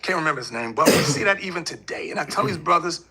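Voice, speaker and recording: A man's voice: a little high, expressive, quick pace, gravelly, noisy background. A man speaking as a religious leader in an interview, emphatic and preachy, often acting out quoted voices. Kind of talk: interview talk.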